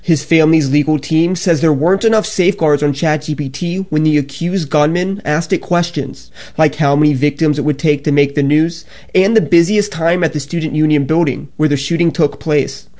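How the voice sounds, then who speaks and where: A man filing a radio news report in a steady, factual manner. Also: a little high, moderate pace, hardly any pauses.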